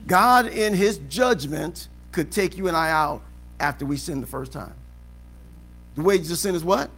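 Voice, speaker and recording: A man preaching a sermon as pastor in a church auditorium, asking the congregation questions and building to shouts. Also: on the high side, animated, a little slow. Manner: preaching with rising shouts and call-and-response questions. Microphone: live service recording.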